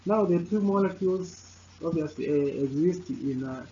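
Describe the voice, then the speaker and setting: A man narrating a slide lecture, pausing often with filler sounds. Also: on the high side, warm tone. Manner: halting, frequent uh fillers. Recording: dull lo-fi sound with faint noise.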